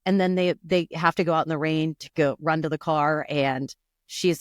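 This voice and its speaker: A woman's voice: sits low, normal speed, smooth, dry recording, clean studio sound. A woman in her forties co-hosting a podcast, telling a story in a casual chatty way and acting out the people in it. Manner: animated storytelling, acts out quoted voices. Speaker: podcast co-host. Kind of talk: casual chat.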